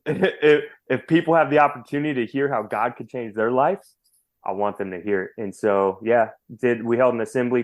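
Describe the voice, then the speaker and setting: Man, podcast guest, mid-pitched voice, earnest testimony, animated storytelling. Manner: earnest, animated retelling with repeated words.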